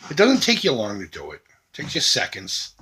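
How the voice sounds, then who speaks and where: A middle-aged man making an earnest, emphatic charity appeal to his viewers as a vlogger, swinging between loud and hushed. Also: medium pitch, huge pitch swings, normal speed, slight background noise.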